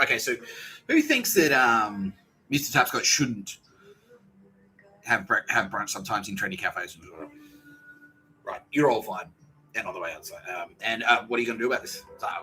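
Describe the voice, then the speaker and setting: A man's voice: fairly low pitch, bright, forceful tone, low-quality recording. A man hosting a podcast, telling a profane, ranting story and acting out other people's lines in brief voices. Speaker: podcast host. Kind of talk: casual podcast monologue.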